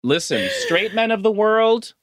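A man's voice: high-pitched, unhurried, no echo. A man co-hosting a podcast, casually and animatedly recapping a movie and joking. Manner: animated, joking storyteller who acts out quotes. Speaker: podcast co-host.

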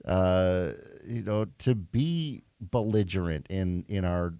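A man's voice: sits low, takes it slowly, mellow, smooth, no room sound, studio quality. A man hosting a call-in radio show, thinking aloud in a casual, rambling way with plenty of fillers and restarts. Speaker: radio talk show host. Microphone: studio microphone.

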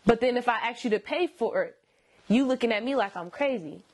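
A young woman with a slightly high, husky voice talks easily as an interview guest. She sounds self-assured and laughs often. She drops dry, sarcastic asides as she goes. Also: a little fast, darkish tone. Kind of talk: casual interview chat.

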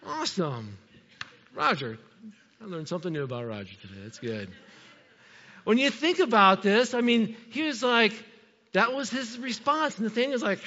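A pastor preaching a sermon to his church, lively and animated, briefly acting out Bible characters in quick asides. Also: sits high. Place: church sanctuary. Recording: dull sound with long hall reverb.

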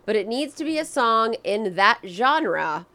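A woman's voice: fairly high pitch, big pitch swings, measured pace, sharp tone. A woman hosting a podcast, talking in a blunt, profane, opinionated way in casual chat. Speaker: podcast host.

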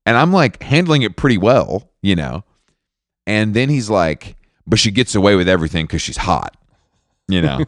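Brief: deep-voiced male podcast co-host, rambling storyteller, dry close sound. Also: very animated, gravelly, a bit bright, no echo. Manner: rambling storyteller, quick laughs, acts out quotes. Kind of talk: casual storytelling chat.

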